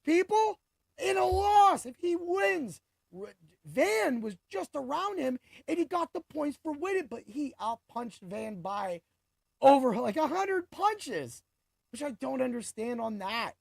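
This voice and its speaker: A man in his forties hosting a sports podcast, talking through fight picks in a hyped, boastful way with quick bursts of emphasis. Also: very high voice, gravelly, dry recording, clean studio sound. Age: 40s. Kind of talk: casual sports commentary.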